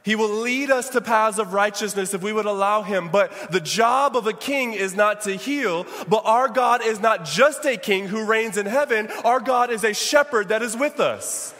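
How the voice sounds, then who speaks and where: A man's voice: sits high, normal speed, hardly any pauses, fairly bright tone. A man preaching a sermon as pastor, calling out to his congregation. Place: church sanctuary. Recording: long church reverb.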